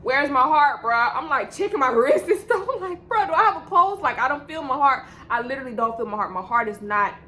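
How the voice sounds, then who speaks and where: Young woman, high bright voice, loose slangy storytime rambling, faint hiss behind. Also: animated, a little fast, few pauses. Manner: rambling, repetitive slang-heavy storytelling with laughs. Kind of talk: casual storytime vlog.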